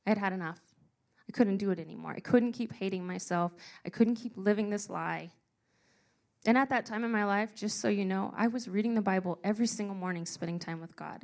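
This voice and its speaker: A young woman telling a personal story to a live audience, earnest and emotional, slowing down for emphasis. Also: mid-range voice. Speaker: speaker sharing a personal story.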